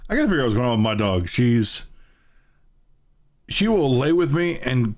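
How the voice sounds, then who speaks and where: A man's voice: mid-range voice, big pitch swings, moderate pace, darkish tone. A man hosting a casual nerdy podcast, rambling and correcting himself as he talks. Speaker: podcast host.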